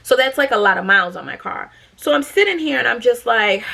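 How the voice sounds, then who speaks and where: A woman in her thirties from Massachusetts telling a storytime to camera in a blunt, profane, animated way. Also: on the high side, takes it slowly, creaky, pauses often. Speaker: storytime vlogger.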